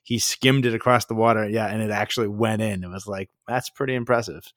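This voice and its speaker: A man's voice: fairly low pitch, fairly even intonation, brisk, a bit bright, no echo, studio quality. A young man co-hosting a casual podcast, telling rambling stories with wry, profane asides. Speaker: podcast co-host. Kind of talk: casual chat.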